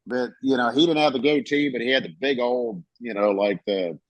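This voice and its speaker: A man in casual chat as a podcast co-host, telling animated stories and acting out quotes with frequent swearing. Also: mid-range voice, moderate pace, no room sound, rough recording. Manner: animated storyteller, swears freely, acts out quotes.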